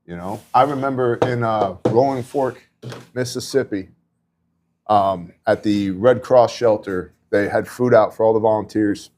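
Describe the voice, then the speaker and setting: A man's voice: lowish voice, measured pace, darkish tone, a little hiss or hum. A middle-aged man in casual faith talk, telling relief-work stories in an earnest, conversational way with many asides. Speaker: podcast host and disaster relief volunteer.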